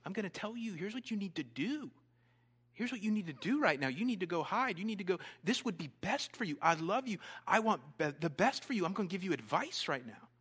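A man's voice: fairly high pitch, animated, fast, hardly any pauses, a bit bright, slightly rough, in a large hall, heavily acted. A pastor voicing an earnest young man urgently advising his friend.

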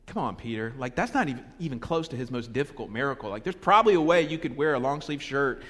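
A man preaching a sermon in a lively, conversational way with humorous asides, recorded with long hall reverb. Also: mid-range voice, fast talker. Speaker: pastor.

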